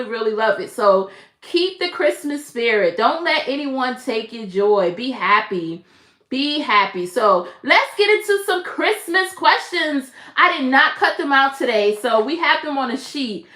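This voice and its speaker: A woman's voice: high-pitched, bright, forceful tone. A woman hosting a casual crochet live stream, chatting and greeting viewers by name. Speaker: crochet livestream host. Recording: echoey room.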